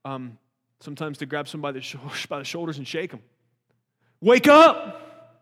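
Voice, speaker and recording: A man's voice: a little high, steady tone, brisk, fairly bright tone, big-room sound. A man giving a conversational Bible teaching, earnest and talky, with frequent restarts and rhetorical questions.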